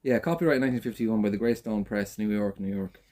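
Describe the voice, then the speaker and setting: A man's voice: on the low side, fast talker, darkish tone. Wry young man reading aloud. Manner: dry, wry reader, breaks off laughing. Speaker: podcast co-host. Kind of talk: casual chat, reading aloud from an old book.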